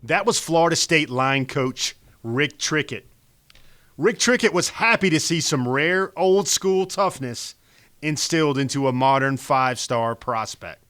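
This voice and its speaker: A man's voice: fairly high pitch, fairly bright tone, clear, resonant tone, no room sound. A man giving polished, scripted sports documentary narration. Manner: polished, measured. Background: music.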